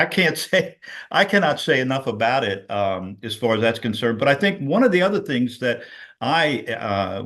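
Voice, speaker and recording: Middle-aged guy on a video call, rambling with lots of uh's, average pitch. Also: a bit bright. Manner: rambling storyteller with many fillers. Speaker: guest sharing a personal story. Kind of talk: casual testimonial on a video call.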